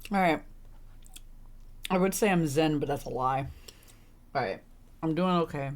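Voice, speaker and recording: Low-pitched and unhurried, this young woman plays through a visual novel on stream, voicing the lines and firing off sarcastic, fed-up remarks full of swearing.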